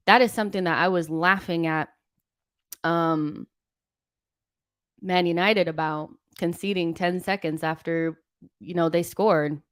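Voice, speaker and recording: A young woman hosts a live football watchalong, reacting in exasperation and reading viewer messages aloud. Her voice sits fairly low. The sound is close and dry. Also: clean tone, dry recording. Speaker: host of a football watchalong stream. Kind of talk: live watchalong commentary and chat.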